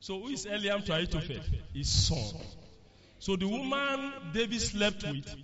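A man's voice: high-pitched, normal speed. A man preaching a sermon in a church, asking the congregation questions and answering them himself. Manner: animated preaching with call-and-response questions. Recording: lo-fi recording with congregation behind.

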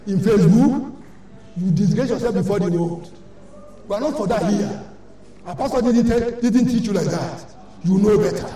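A woman's voice: mid-range voice, expressive, normal speed, mellow. Emphatic Nigerian woman preaching in echoey hall. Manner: emphatic, repetitive, scolding. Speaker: church elder. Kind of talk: sermon exhortation. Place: large church hall. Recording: echoey church hall from far off.

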